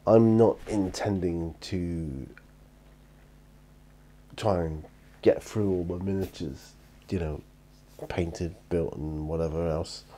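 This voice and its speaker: A man's voice: low voice, steady tone, slow, long pauses, dark tone. A tired British man chatting casually and rambling in his hobby room at home, with lots of fillers and restarts. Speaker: hobby vlogger. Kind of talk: casual chat.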